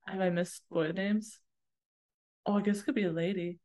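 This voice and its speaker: A woman's voice: medium pitch, fairly even intonation, normal speed, mellow. A woman co-hosting a casual chat, reacting with questions, guesses and jokes. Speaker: podcast co-host hearing the book.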